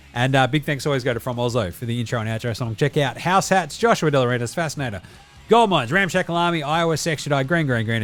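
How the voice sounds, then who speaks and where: A man with an Australian accent hosts a casual sports podcast. He is chatty and upbeat and throws in plenty of slang, and his voice sits a little high for a man, with faint music underneath. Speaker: podcast host.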